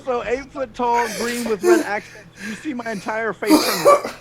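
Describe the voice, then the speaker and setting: A man's voice: extremely high pitch, moderate pace, a loud crowd. A man playing in a tabletop game, sheepishly describing his character's actions. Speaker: player. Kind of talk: casual tabletop game chat.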